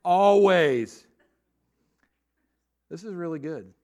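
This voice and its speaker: A man's voice: on the high side, normal speed. A middle-aged man preaching a sermon as pastor, earnest and emphatic, acting out what people might say. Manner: earnest, emphatic preaching with rising intensity and acted-out quotes.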